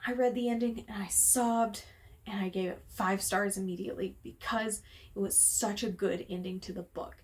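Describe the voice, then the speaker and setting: Talking to camera at normal speed, a book reviewer with medium pitch and fairly even intonation delivers an exasperated, heated vlog rant. She swears freely, and the setting is a room at home with the window open.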